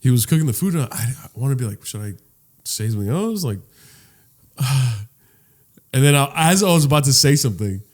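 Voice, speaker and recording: A man's voice: medium pitch, lively intonation, a little fast, long pauses. A man co-hosting a casual comedy podcast, rambling through stories, swearing and acting out the voices of people he met. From Los Angeles. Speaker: podcast co-host.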